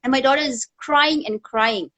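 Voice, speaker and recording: A middle-aged woman hosting a conversational interview over a video call, telling stories in an animated way and laughing often. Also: high voice, normal speed. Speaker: talk show host.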